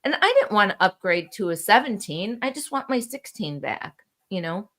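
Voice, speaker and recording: A woman's voice: mid-range voice, animated, moderate pace, a bit bright. A middle-aged woman co-hosting with her child, telling a long rambling story in casual chat, swearing now and then. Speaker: co-host, mother of the host.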